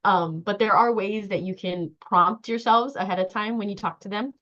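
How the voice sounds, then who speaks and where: A woman leading a workshop training session, talking in a lively way, acting out quoted dialogue and laughing often. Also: mid-range voice, normal speed. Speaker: trauma-informed care trainer. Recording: dull lo-fi sound.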